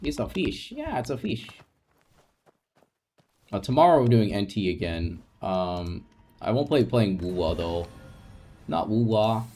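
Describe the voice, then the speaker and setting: A man with a lowish, warm voice streams a game and chats casually with his viewers, sounding very animated yet a little slow, with frequent pauses. His talk rambles openly and emotionally, full of laughter and restarted sentences, and it comes across as reassuring.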